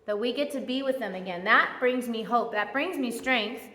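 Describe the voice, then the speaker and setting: Woman giving a sermon, casual and heartfelt, bright voice, big echoey church room. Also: on the high side, normal speed. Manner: earnest, conversational preaching with heartfelt spoken prayers. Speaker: preacher. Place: church sanctuary.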